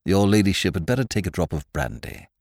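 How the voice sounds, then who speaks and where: A dignified manservant, calm and formal, every word measured and deferential, as a male reader voices him. The voice sits low and a little hushed, with close, dry sound. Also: vocal fry, no echo, full character voice. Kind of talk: audiobook character voice.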